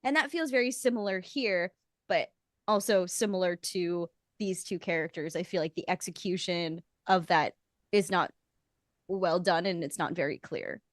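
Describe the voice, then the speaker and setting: A woman co-hosting a podcast, giving relaxed and frank opinions in casual chat. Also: lowish voice, normal speed, no echo, clean studio sound. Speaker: podcast co-host.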